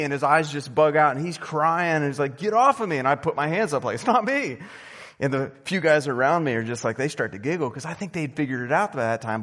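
A male pastor giving a sermon in a conversational storytelling manner, swinging between loud emphasis and soft asides. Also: on the high side, big-room sound. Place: church sanctuary.

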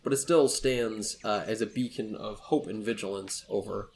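A man's voice: fairly low pitch, normal speed, a little mellow, slight background noise. A man running a tabletop game as game master, narrating casually with many fillers.

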